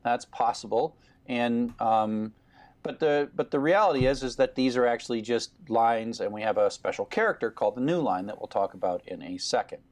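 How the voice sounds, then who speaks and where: A man's voice: medium pitch, moderate pace, darkish tone. A man giving a recorded programming lecture, explaining steadily with fillers.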